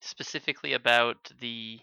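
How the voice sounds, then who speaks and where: A man co-hosting a podcast from home, talking in a halting way, thinking aloud with many restarts. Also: mid-range voice, fairly even intonation, vocal fry, sharp tone, clean tone, no echo, lo-fi sound. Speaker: podcast co-host. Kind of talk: casual podcast chat. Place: home, recording remotely.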